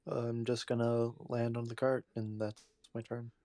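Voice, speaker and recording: A man taking his turn as a player in a tabletop game, calm and matter-of-fact. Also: mid-range voice, measured pace. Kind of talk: casual tabletop play.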